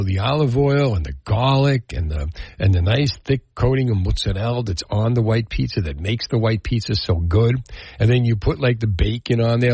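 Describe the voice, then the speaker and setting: Male New call-in host, gravelly and husky, animated delivery. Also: mid-range voice, no room sound. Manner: animated, jokey, repeats phone numbers. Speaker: radio host. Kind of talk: call-in radio talk.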